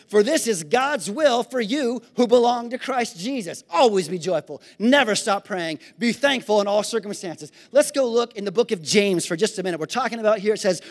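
A male pastor preaching a sermon to his congregation, swinging between shouted praise and easy conversational asides. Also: very high-pitched. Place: church sanctuary. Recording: long hall reverb.

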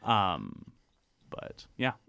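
A man with a fairly low voice, chatting on a podcast. He tells his stories in an easygoing, unhurried way and leans on lots of fillers along the way. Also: huge pitch swings, gravelly, sharp tone, smooth. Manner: easygoing, filler-heavy storytelling. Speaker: podcast co-host. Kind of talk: casual chat about musicals.

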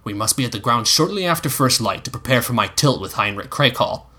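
Man playing a gruff tired knight, stern and clipped, husky tone. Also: mid-range voice, lively intonation, a little fast, bright, forceful tone. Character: stern, weary young knight, gruff and dutiful.

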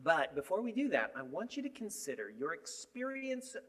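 A man preaching a sermon, animated, moving between emphatic lines and hushed asides. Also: high-pitched, normal speed.

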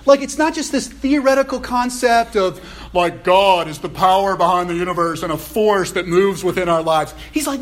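A male pastor preaching a sermon in a conversational, animated way, with playful asides, at a church service. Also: sits high, moderate pace.

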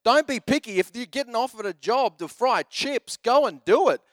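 A male pastor in his thirties preaching a sermon, animated and joking as he tells family stories and urges the men on. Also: very high-pitched, moderate pace, no echo, studio quality. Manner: animated, joking storyteller who shifts into exhortation.

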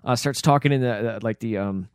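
A man's voice: medium pitch, brisk, smooth, dry recording, clean studio sound. A man in casual chat with a co-host, loose and fond of saying "dude". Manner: casual, says "dude" a lot, fills with "uh".

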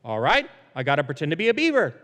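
Preaching into a microphone, a pastor in his thirties acts out family stories in an animated, playful way. His voice is fairly high and quick-paced, and the recording carries a long hall reverb.

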